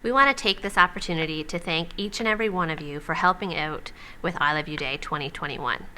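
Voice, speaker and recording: A woman from a charity giving an earnest, steady, scripted thank-you to supporters. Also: low voice, quick pace, a little hiss or hum, poor audio. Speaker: charity organizer.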